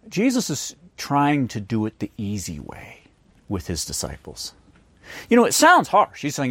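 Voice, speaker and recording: A man's voice: mid-range voice, no echo. A man preaching a sermon who acts out the voices of the people in his stories. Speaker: pastor.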